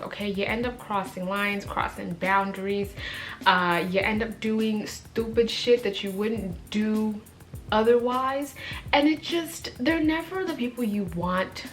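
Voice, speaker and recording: A woman's voice: medium pitch, a bit bright. A young woman vlogger giving casual, blunt life advice in an emphatic, sassy way, often ending points with "okay?".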